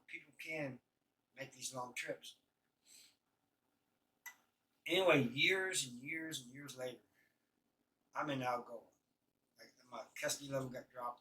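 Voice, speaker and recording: A man telling prison stories in a rambling, halting way, full of fillers and restarts. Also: medium pitch, a bit bright, distant mic, rough recording. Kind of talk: casual storytelling.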